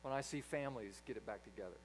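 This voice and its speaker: A man preaching a sermon in a church, a dynamic speaker who swings from loud emphasis to quiet asides. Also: on the low side, rapid-fire, soft background music, rough recording. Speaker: pastor. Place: church sanctuary.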